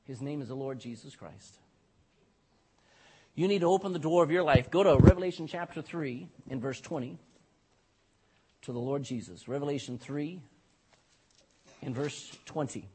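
Male pastor, sermon, high voice, husky, emphatic, peppered with amens. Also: normal speed, long pauses, darkish tone. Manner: emphatic, repeats "amen" and "you know".

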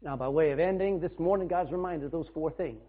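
A man preaching a sermon to his church in a folksy way, swinging between loud bursts and soft asides. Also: on the high side, a little fast. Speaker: pastor. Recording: tinny, phone-like band.

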